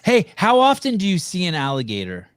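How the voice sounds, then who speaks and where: A man's voice: high voice, wildly swooping pitch, brisk, clean tone, no echo. A man hosting a podcast, talking over a video call in a blunt, profane, rambling way. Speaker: podcast host. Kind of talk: casual interview chat.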